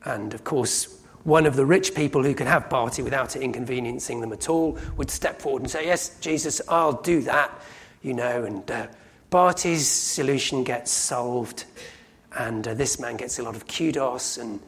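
A man preaching a sermon, telling a story in a conversational way and often slowing down to emphasize lines. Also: mid-range voice. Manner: conversational storytelling with sudden loud acted cries.

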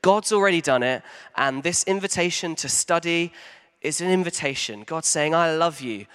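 A man as a pastor giving a sermon in a church hall, talking conversationally with frequent ums and animated emphasis. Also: fairly high pitch, moderate pace, clean tone.

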